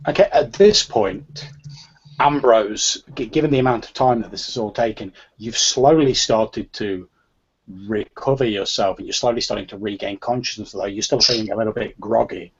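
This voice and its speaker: A man narrating a tabletop game as game master, describing scenes in a measured way. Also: lowish voice, a little hiss or hum. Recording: lo-fi online call audio.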